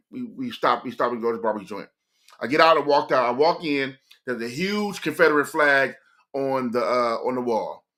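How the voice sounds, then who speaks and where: Streamer from California, casual storyteller, bright and tense voice, slangy delivery. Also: male voice, medium pitch. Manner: animated, slangy, stop-and-start.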